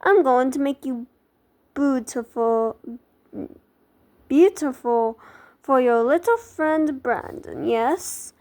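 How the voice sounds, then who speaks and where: A woman's voice: high voice, lively intonation, slow, long pauses, darkish tone, exaggerated voice. A woman voicing a bossy little girl pretending to be a fancy hairstylist, in a fake French accent, gushing and calling everyone darling.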